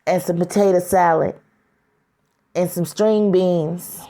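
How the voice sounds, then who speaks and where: A woman voicing a sick, grieving mother who answers tersely and flatly. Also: lowish voice, slow pace. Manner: flat, terse.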